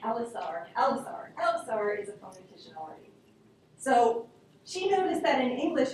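A woman teaching a linguistics class in a lively, informal way, often putting questions to her students. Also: on the high side, moderate pace, a little hiss or hum. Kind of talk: classroom lecture. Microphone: room recording from a distance. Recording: very echoey classroom, distant mic.

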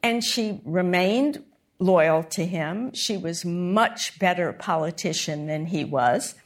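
Unhurried woman telling history stories. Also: on the low side. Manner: animated storytelling, laughing asides. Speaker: historian and author on a panel. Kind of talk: panel discussion before an audience.

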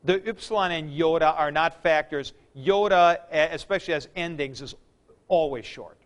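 A man's voice: a little high, moderate pace. A man teaching a Greek grammar class, explaining patiently and repeating the key points. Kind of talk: classroom lecture.

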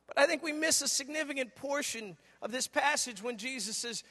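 High-voiced middle-aged man preaching a sermon. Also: a little fast, few pauses. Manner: animated storyteller acting out dialogue. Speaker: pastor. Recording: long reverb of a large hall.

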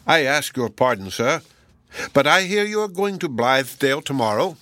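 A man's voice: mid-range voice, very animated, moderate pace, sharp tone, dry recording, clean studio sound, voice pushed up. A man voicing a shy elderly man who speaks hesitantly and apologetically, in a storybook reading. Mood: timid, hesitant.

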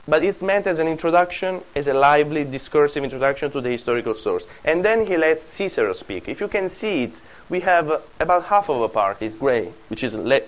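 A man's voice: on the high side, rough recording. A man with an Italian accent giving a university classics lecture, rambling with many restarts, self-corrections and small laughs.

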